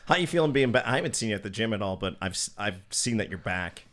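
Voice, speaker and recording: A man's voice: on the low side, fast. A man hosting a podcast, telling stories in casual chat with lots of swearing and acted-out quotes. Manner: profane, animated, acts out quoted voices. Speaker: podcast host.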